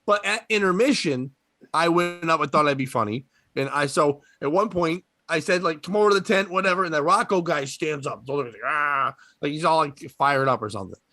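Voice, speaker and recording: Man, young adult, fairly high voice, dry close mic, rambling profane anecdotes with laughter. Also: brisk, sharp tone, dry recording. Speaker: podcast guest storyteller. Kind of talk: casual comedic storytelling.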